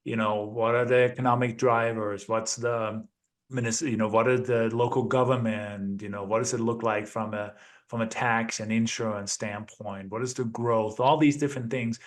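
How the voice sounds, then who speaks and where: A man being interviewed as an investor, relaxed and reflective, often tagging his points with a quick question. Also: mid-range voice. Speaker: guest, apartment investor. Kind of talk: conversational interview.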